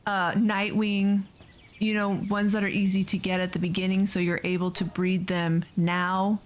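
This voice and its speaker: A woman's voice: medium pitch, flat delivery, normal speed. A woman hosting a let's play video, giving casual, chatty gameplay commentary and gushing over the creatures she raises.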